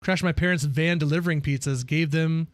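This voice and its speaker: A man chats on a live stream, telling stories full of swearing and animated asides. His voice sits a bit high for a man, and the sound is close and dry, with no room echo. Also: fairly quick. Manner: profane, animated storytelling. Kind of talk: casual live-stream chat.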